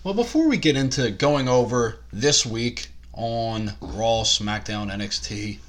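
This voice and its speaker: A man's voice: mid-range voice, measured pace. A man co-hosting a casual comedy podcast, telling rambling, crude stories. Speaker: podcast co-host.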